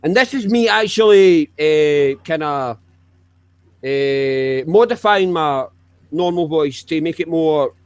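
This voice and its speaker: Brief: Glasgow man, fairly high voice, casual banter, sweary and teasing. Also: takes it slowly, clean tone, dry recording. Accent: Scottish, Glasgow. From Scotland. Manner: swears freely, lively and teasing. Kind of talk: casual chat.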